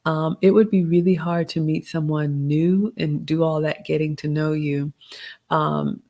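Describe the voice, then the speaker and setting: A middle-aged woman, hosting a live Q&A, reading out chat comments and giving gentle advice in a casual tone. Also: low-pitched, steady tone, measured pace. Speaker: livestream host answering chat questions.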